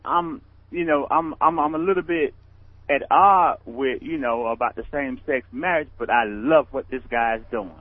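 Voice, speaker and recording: A man calling in to a radio show, talking in a hesitant, halting way with restarts, heard over a tinny phone line. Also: mid-range voice, no room sound. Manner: hesitant, halting, repeats himself. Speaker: caller. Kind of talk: call-in radio talk. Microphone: telephone.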